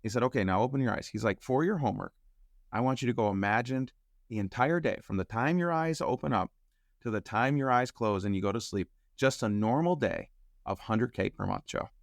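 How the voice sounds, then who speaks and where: A man telling a personal story as a podcast guest, acting out the quoted dialogue with lively shifts in voice. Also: medium pitch, brisk, vocal fry, no echo, clean studio sound. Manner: animated storyteller who acts out quoted dialogue.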